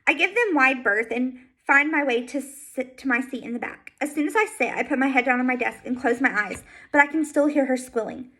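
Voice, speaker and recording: A woman reading a first-person novel aloud in a soft, steady, intimate way. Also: high voice, brisk, hardly any pauses, poor audio. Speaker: audiobook reader.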